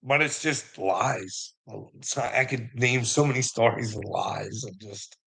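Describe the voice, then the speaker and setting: A man's voice: mid-range voice, unhurried, gravelly, fairly bright tone, husky, rough recording. A man rambling through a casual personal story, swearing freely and laughing often between lines. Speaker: vlogger.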